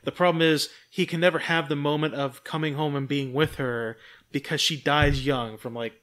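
A podcast co-host with a higher-pitched voice and moderate pace retells a film during a casual movie review chat. He rambles, swears, and animates the retelling with quoted voices.

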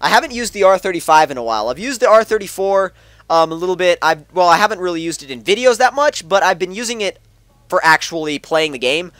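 A man giving rambling, casual let's-play commentary as a gaming channel host, chuckling between thoughts and breaking into sudden excited outbursts. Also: high-pitched, quick pace, no room sound.

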